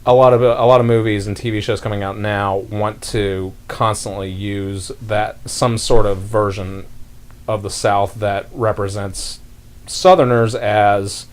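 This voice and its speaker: A man's voice: on the low side, steady tone, a little slow. A young man from North Carolina hosting a casual podcast chat and rambling through his points with many fillers. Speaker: podcast host.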